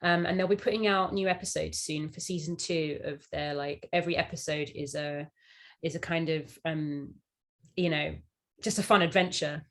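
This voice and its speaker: A woman's voice: deep voice, steady tone, moderate pace. A young woman from London with a London accent, an actress being interviewed in casual, upbeat chat, often saying "um" and laughing easily. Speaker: actress guest.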